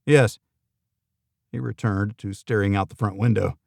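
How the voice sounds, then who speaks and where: Gravelly male thriller narrator. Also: fairly low pitch, fairly even intonation, fairly quick, darkish tone, no echo. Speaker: audiobook narrator. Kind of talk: first-person thriller narration.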